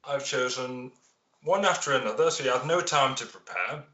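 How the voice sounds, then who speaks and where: An upbeat man hosts a casual interview and is quick to laugh. His voice is bright and forceful at a middle pitch. The audio sounds roomy and dull. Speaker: podcast host.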